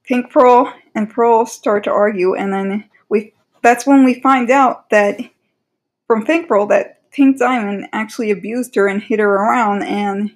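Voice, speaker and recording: A woman with a fairly high voice talks through her opinions in a rambling, exasperated way. She often breaks off and restarts her sentences, and fillers come up constantly. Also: darkish tone. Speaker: commentary creator. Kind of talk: casual opinion commentary.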